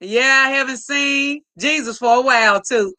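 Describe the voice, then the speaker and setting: Woman, live stream host, casual chat, reads comments aloud, effusive, bright tone. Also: high-pitched, normal speed, no echo.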